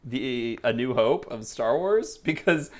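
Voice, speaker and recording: A man's voice: mid-range voice, expressive, takes it slowly. A man co-hosting a movie podcast in casual, rambling chat and laughing often. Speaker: podcast co-host. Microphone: headphones, home podcast setup.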